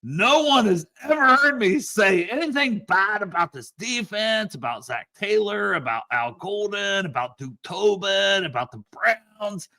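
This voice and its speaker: A man's voice: high-pitched, animated, a little slow, hardly any pauses, sharp tone. A man guesting on a football show, ranting sarcastically and swearing heavily. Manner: sarcastic mock-positive rant, heavy swearing. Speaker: podcast guest. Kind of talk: casual sports show chat.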